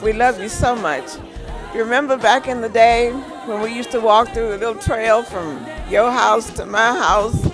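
A woman in her seventies giving an emotional birthday message, reminiscing about childhood. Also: a little high. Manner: warm, emotional, reminiscing, laughs through tears. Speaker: birthday well-wisher. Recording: music and crowd noise behind.

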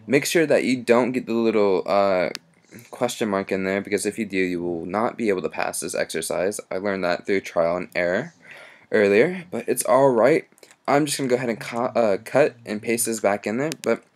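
Casual young man reading out coding steps. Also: on the low side. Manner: casual, reads out instructions with frequent ums and restarts. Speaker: coding tutorial host. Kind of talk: screen-recorded coding walkthrough.

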